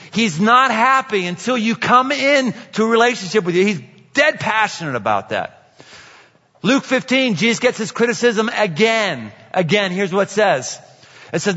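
Bright-voiced pastor preaching in a hall. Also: male voice, high voice. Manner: conversational storytelling with repeated phrases. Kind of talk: sermon. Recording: echoey hall, dull lo-fi sound.

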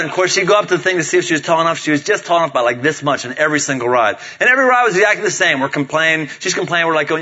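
A middle-aged man preaching a sermon, telling stories in an animated way and acting out the voices of his family. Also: on the high side, fast, few pauses. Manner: animated storytelling, acts out voices of family members. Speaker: pastor. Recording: dull lo-fi sound.

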